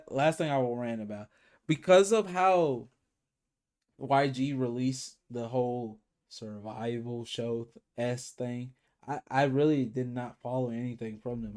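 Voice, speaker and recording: A man's voice: medium pitch, darkish tone. A man chatting casually on a livestream, rambling with many fillers and restarts. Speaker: K-pop reaction streamer.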